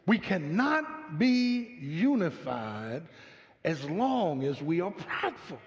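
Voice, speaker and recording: An older man preaching a sermon as pastor, calling out to the congregation and building to shouts. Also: a little high, very animated, slow. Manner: call-and-response preaching, rising to shouts. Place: church sanctuary. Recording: muffled live audio in a hall.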